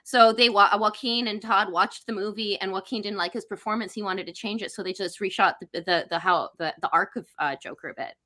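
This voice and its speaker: A woman guest in a casual panel chat, reacting quickly and animatedly, with some swearing. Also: medium pitch, fairly even intonation, bright, forceful tone.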